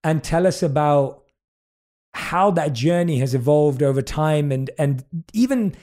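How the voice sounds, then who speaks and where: This is a British man hosting an interview with a warm, mellow voice that sits a touch high. He is effusive and earnest, and now and then he reads a passage aloud from a book. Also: animated, unhurried.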